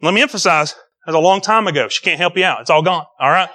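A middle-aged man preaching a sermon as pastor, swinging between loud emphatic lines and quiet low ones. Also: fast.

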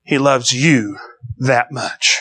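A middle-aged man preaching a sermon as pastor, swinging between loud emphatic lines and quiet low ones. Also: slow pace.

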